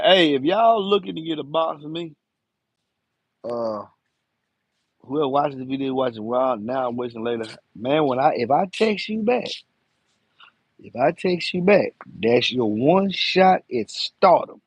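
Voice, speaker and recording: A man's voice: fairly high pitch, husky, no echo, dull audio. A man around fifty, chatting loosely on a live stream and rambling in slang. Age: 50s. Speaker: live-stream host, enclosure builder. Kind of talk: casual live-stream chat.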